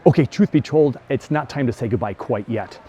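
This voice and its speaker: A man's voice: medium pitch, fairly quick, mellow, slight background noise. A middle-aged man hosting a casual walk-and-talk vlog, chatty and enthusiastic, full of exclamations, filming as he walks through a greenhouse. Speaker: bonsai vlogger host. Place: indoor greenhouse at a plant nursery.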